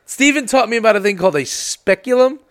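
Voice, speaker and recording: A man with a high voice trading crude jokes in casual podcast banter. He laughs often and tells stories in a loose, joking way. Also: lively intonation, fast talker, fairly bright tone. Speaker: podcast co-host.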